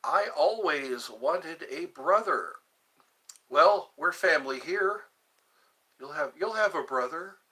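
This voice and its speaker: Lively, bright-voiced man in his fifties. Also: on the high side, slow pace, husky, low-quality recording. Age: 50s. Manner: reads viewer comments aloud and chats back to them; playful, jokey. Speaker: live stream host. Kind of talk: casual live-stream chat.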